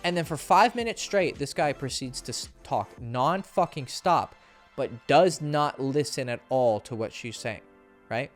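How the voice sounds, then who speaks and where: A man's voice: unhurried, faint music behind. A man, a dating coach, giving direct-to-camera advice in a blunt, profane way, often checking in with "right?" and "okay?". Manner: animated, jumps up in pitch for emphasis.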